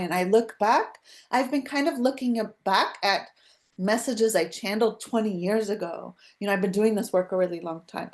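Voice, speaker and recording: A woman hosting a live spiritual podcast over a video call, talking casually in a rambling, chatty way with frequent restarts. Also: medium pitch. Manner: rambling, chatty, self-interrupting with laughs. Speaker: podcast host.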